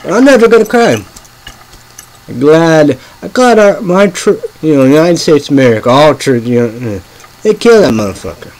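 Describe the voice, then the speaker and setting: A man rambling in a halting monologue, full of fillers, dropping to a murmur and then bursting out loud and swearing. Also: fairly high pitch, very animated, low-quality recording. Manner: swings from murmuring to sudden loud outbursts. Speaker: vlogger.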